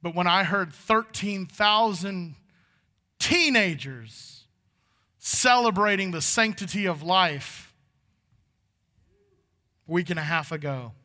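A man's voice: high-pitched, expressive, slow pace, long pauses, pushed and bright, in a large hall. A male pastor preaching a sermon in a church sanctuary. He talks in a folksy, conversational way that builds to fervent moments.

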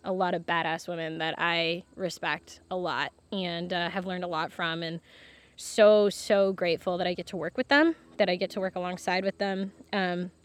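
A young woman farmer telling her story casually, lively and laughing often, with many fillers. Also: fairly low pitch, normal speed. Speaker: farmer guest.

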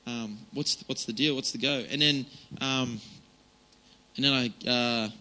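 A man preaches in a relaxed, conversational way, stopping and restarting his sentences often. His voice is very bright and forward, and it sits at an ordinary middle pitch. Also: unhurried, rough recording. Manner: casual and chatty, many fillers and restarts. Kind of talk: informal sermon.

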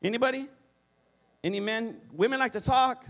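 A man's voice: extremely high pitch, moderate pace, creaky, fairly bright tone. A middle-aged man preaching a sermon as pastor, pleading with the congregation and calling for responses.

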